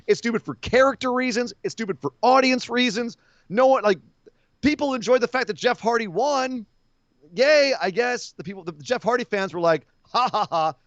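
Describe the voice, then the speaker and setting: A man co-hosting a wrestling podcast, ranting in an animated, profane way and laughing often. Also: very high voice, moderate pace, no room sound, lo-fi sound. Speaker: podcast co-host. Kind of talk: casual wrestling podcast chat.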